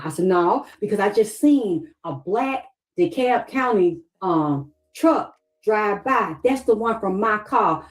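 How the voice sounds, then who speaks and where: A woman's voice: medium pitch, expressive, takes it slowly, rough recording. A middle-aged woman talking straight to her viewers in a heated, profane livestream rant, acting out what others said to her.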